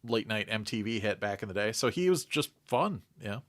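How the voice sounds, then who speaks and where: A man's voice: lowish voice, expressive, fairly quick, fairly bright tone, no echo. A man co-hosting a podcast, chatting eagerly about film trivia and soundtracks. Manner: enthusiastic, trivia-heavy film talk. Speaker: podcast co-host. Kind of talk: casual chat.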